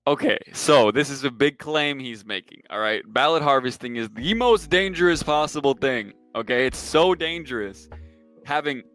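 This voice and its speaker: A man's voice: mid-range voice, moderate pace, a bit bright, no echo, soft background music. A young man giving casual, sarcastic and exasperated political commentary on a livestream.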